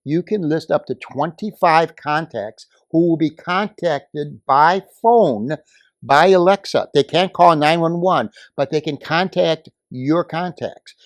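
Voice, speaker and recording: An older man speaking at a community meeting, telling a story and building to forceful, emphatic outbursts. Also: on the high side, slow pace, dry recording. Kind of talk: impassioned public comment.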